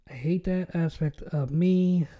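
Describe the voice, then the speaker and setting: A man's voice: on the high side, steady tone, dull audio. Rambling stuffy-nosed male podcast host. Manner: rambling, halting, many fillers and restarts. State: stuffy nose. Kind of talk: casual chat.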